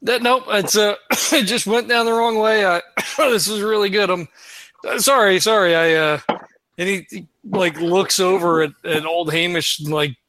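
A man's voice: high-pitched, steady tone, moderate pace, sharp tone, no echo. A man playing a tabletop game, talking in a hesitant, filler-heavy way. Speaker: player. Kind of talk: casual tabletop play.

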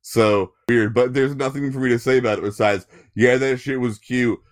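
Speaking at a moderate pace with a mid-range voice and fairly even intonation, a young podcast co-host chats casually. He rambles, swears a lot, and leans heavily on fillers.

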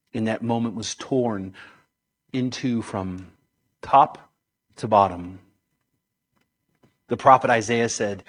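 A man preaching, reading scripture aloud in a solemn manner, slowing and dropping his voice on key phrases. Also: medium pitch.

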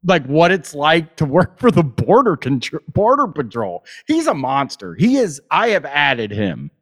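A man's voice: fairly high pitch, very animated, a little slow, fairly bright tone. A man hosting a casual talk show, exasperated and profane, laughing often. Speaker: podcast host. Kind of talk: casual chat.

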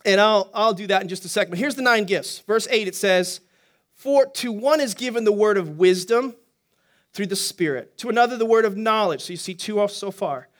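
A man preaching as a pastor, teaching quickly and energetically and throwing questions to the congregation. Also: sits high. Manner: energetic, talks fast, asks the congregation questions. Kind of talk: sermon teaching.

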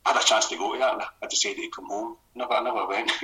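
A middle-aged Scottish man, a comedy writer, telling stories in a casual radio conversation with quick restarts and laughs. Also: lowish voice, poor audio. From Scotland. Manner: rapid, animated storytelling with restarts and laughs.

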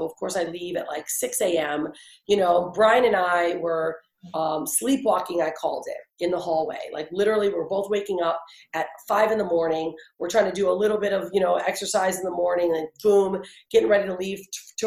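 A woman in her forties telling her life story in an interview, chatty and animated, with many fillers and restarts. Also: medium pitch, echoey room. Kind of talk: conversational storytelling.

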